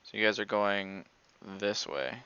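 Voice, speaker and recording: A man's voice: lowish voice, a little slow, pushed and bright, clean tone, muffled recording. A man running a tabletop game as game master, narrating casually with many fillers.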